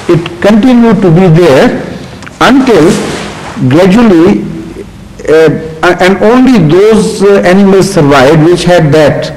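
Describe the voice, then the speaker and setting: A man answering audience questions in a deliberate way, often pausing on "uh" and restarting his sentences. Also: fairly high pitch, a little mellow. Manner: deliberate, with frequent "uh" pauses and restarts. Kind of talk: question-and-answer talk with storytelling. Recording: reverberant hall recording.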